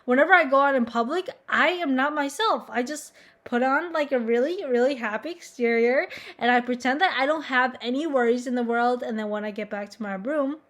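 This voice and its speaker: Rambling young woman, slightly high voice. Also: brisk. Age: young adult. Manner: rambling, heavy with fillers; flat, self-mocking. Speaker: vlogger. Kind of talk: confessional monologue.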